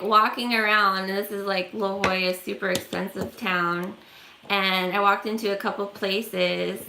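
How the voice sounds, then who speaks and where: A woman's voice: medium pitch, noisy background. A woman vlogger telling a story on a livestream in a rambling, chatty way, full of fillers, in an echoey room. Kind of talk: casual storytelling.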